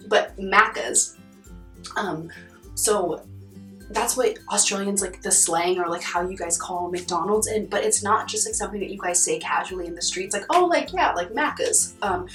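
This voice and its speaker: A young American woman vlogging in casual chat, animated and chatty, acting out quoted voices as she goes. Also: fairly low pitch. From United States. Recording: roomy, from a distance, soft guitar music behind.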